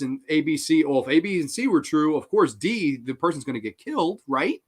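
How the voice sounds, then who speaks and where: Animated, profane horror-film host, a man. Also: on the high side, brisk, hardly any pauses. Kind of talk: casual film review monologue.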